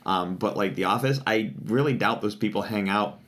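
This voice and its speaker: A young man co-hosting a casual podcast chat, hesitant with many pauses and ums. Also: fairly low pitch, fairly bright tone. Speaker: podcast co-host. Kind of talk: casual chat about TV tropes.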